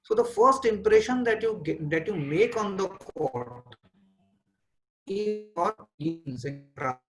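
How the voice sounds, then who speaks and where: A man in his forties with an Indian English accent, giving a webinar lecture as a trial lawyer, measured and pausing often with "uh" as he thinks aloud over a video call mic. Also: sits high, animated, rough recording.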